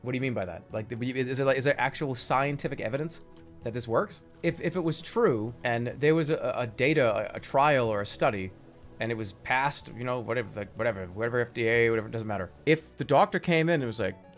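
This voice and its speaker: A man in his thirties streaming, rambling through comic stories in an animated, swearing storytelling way. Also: mid-range voice, fast talker, soft background music.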